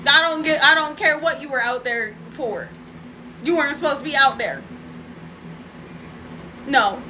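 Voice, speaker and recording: A woman's voice: sits high, measured pace, sharp tone, slight background noise, poor audio. A woman telling a story in a casual live stream from home, chatty, laughing and talking to her viewers. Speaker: spiritual vlogger. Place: home room.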